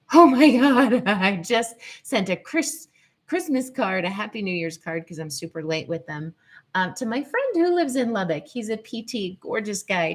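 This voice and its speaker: A woman hosting a live-stream lesson, chatting and greeting viewers as she goes. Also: fairly low pitch. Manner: chatty, digressive, greets viewers mid-talk. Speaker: host and teacher on the nervous system. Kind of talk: live-stream teaching talk. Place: at home in Colorado.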